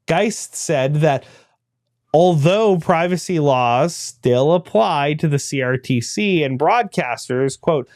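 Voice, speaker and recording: A man's voice: a little high, animated, takes it slowly, darkish tone, no room sound. A man hosting a podcast, reading a news article aloud and breaking off for dry, laughing asides. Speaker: podcast host.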